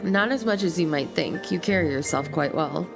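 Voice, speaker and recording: A woman with a slight lisp voicing a composed, courteous female succubus brothel keeper, reading game dialogue aloud in calm, polite, formal speech. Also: sits low, moderate pace. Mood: poised. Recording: stream with clear music behind.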